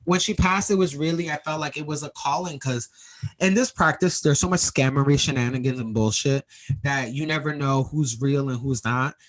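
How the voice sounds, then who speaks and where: A young man, a podcast guest, telling an earnest personal story in conversation, animated and emotional, acting out what others said. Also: on the high side, normal speed, low-quality recording. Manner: earnest, animated storyteller who acts out quoted speech.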